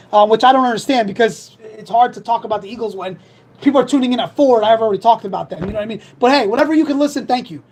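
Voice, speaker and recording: A young man from hosting a sports talk show, rambling fast and reading sponsor plugs in a fired-up, casual way. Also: very high-pitched, darkish tone, low-quality recording.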